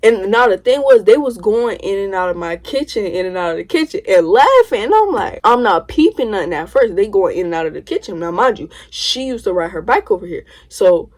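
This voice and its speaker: A young woman telling a story to the camera, animated and rambling, full of slang. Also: medium pitch, brisk, few pauses. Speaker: vlogger. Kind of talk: casual storytime.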